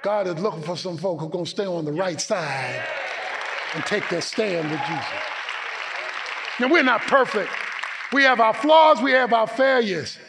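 A man preaching a sermon as pastor, emphatic, swinging between loud declarations and low asides. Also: animated, moderate pace, pauses often, long reverb tail, a crowd in the background, noisy background.

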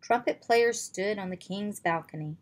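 A woman reading a children's chapter book aloud in slow, even storytelling. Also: mid-range voice. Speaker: reader.

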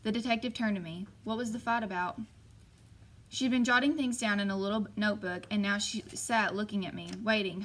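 A woman's voice: medium pitch, a bit bright, poor audio. Woman reading a novel aloud. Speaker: audiobook narrator. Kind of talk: first-person audiobook narration.

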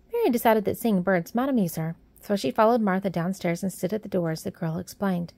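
A woman narrating a storybook in a steady, even storytelling manner. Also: medium pitch, a little fast, hardly any pauses, no echo. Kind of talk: storybook reading.

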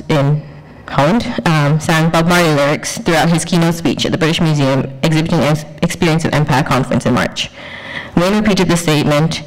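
A woman curator presenting a conference paper in a measured, poetic way, with deliberate pauses. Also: low voice, low-quality recording. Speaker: curator and researcher.

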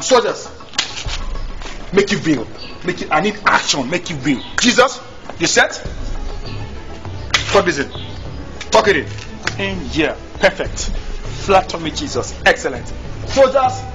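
A man's voice: on the high side, low-quality recording. A man playing a bossy, exasperated film director who barks orders at his cast. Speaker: comic actor. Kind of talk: comedy sketch acting.

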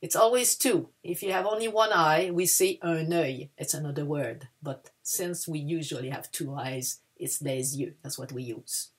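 Husky woman teaching to children. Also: sits low, moderate pace, hardly any pauses. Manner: patient, switches between English and French. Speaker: French teacher. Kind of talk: children's language lesson. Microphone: video lesson.

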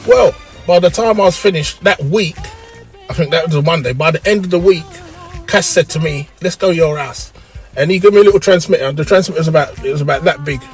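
A middle-aged man with a South London accent telling a long story in an interview, lively and quick to laugh and act out the voices. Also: on the high side, soft background music. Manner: animated, breaks into laughter and acts out voices. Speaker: interview guest, radio pioneer. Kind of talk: casual storytelling.

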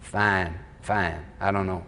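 A man putting on a blunt Texan church elder with a slow, low, deadpan drawl. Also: vocal fry, long reverb tail, full character voice.

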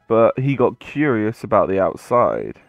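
A man's voice: on the low side, wildly swooping pitch, unhurried, gravelly, no echo, phone-quality sound, soft background music. A man hosting a game playthrough, retelling a story in a rambling, hesitant way with many fillers. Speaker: let's play host.

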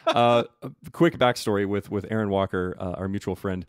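A man's voice: fairly low pitch, fairly even intonation, moderate pace, clear, resonant tone, dry recording, studio quality. A man hosting a podcast, chatting in an upbeat, rambling way with lots of fillers. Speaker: podcast host. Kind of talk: casual interview chat.

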